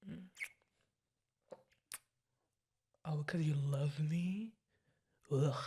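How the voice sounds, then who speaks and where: Voice actress as young girlfriend in ASMR role-play, low husky tone, giggly, rambly, self-mocking. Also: mellow, heavily acted. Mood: apologetic. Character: apologetic, chatty young girlfriend.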